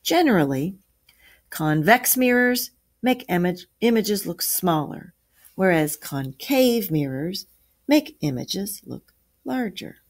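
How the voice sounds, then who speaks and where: A woman's voice: mid-range voice, expressive, slow pace, voice pushed up. A woman voicing a patient old grandfather who explains science to the children in a storybook reading. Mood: explaining. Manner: lecturing, explanatory.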